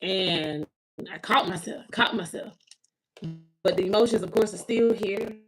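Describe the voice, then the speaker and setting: A woman's voice: mid-range voice, unhurried, low-quality recording. A woman tarot reader on an emotional live stream, talking to her viewers, repeating herself and close to tears. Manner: spiritual, ends with a prayer.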